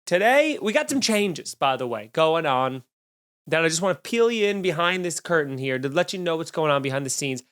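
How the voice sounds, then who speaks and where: Young male podcast comedian, sarcastic, rambling, fairly high voice, smooth tone. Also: sing-song, brisk, fairly bright tone. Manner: sarcastic, rambling, self-deprecating. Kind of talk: solo comedic rant. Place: home studio, drinking while recording.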